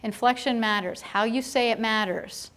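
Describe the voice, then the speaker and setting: Lady running a training seminar, kinda high voice, keeps saying right?, jokes at the room. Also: moderate pace, a bit bright. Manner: chatty, often checks in with "right?"; playful asides to the audience. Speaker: seminar presenter. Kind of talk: live training lecture.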